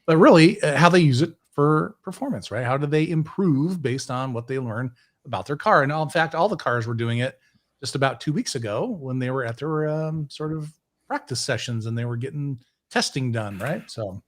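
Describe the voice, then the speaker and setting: A man's voice: mid-range voice, expressive, normal speed. A man hosting a casual podcast, rambling and correcting himself as he goes. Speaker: podcast host.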